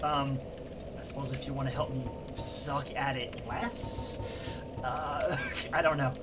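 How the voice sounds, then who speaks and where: Chatty, self-deprecating woman streamer talking over loud game music. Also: rumbling low, fairly even intonation, unhurried. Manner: chatty, rambling, self-deprecating, laughs often. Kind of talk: casual let's-play commentary.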